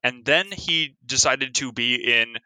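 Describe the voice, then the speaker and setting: Bright, dry-voiced young-sounding man chatting. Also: mid-range voice, a little slow, no echo. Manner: rambling, filler-heavy, lots of "like". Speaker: podcast co-host. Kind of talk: casual chat.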